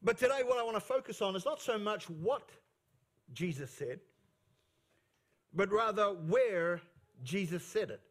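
Male pastor, high voice, church sermon, emphatic repetition, playful asides. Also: lively intonation, a little slow, pauses often. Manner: emphatic, repeats key phrases, playful asides. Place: church service. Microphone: fixed microphone on stage.

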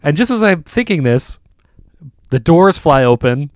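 Male podcast host, animated storyteller, smooth higher voice, dry close mic. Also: unhurried, no echo. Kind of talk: casual storytelling chat.

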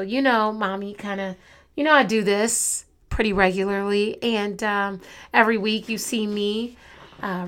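A woman hosting a podcast, talking in an earnest, conversational way. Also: fairly high pitch. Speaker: podcast host. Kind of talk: casual podcast talk.

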